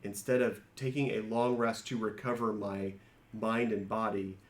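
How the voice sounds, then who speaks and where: A man's voice: fairly low pitch, little pitch movement, normal speed. A man playing a tabletop game, explaining his character at length with frequent restarts. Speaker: player. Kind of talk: casual chat about a tabletop game. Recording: echoey room.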